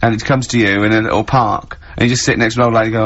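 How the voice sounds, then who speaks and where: A man hosting a casual radio chat, mocking his guest and quick to laugh. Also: mid-range voice, steady tone. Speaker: radio host. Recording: slightly dull radio studio sound.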